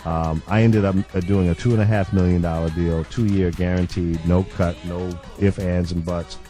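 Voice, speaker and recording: Man, very deep voice, radio veteran, relaxed matter-of-fact recollection, faint music behind. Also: normal speed. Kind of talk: casual interview recollection.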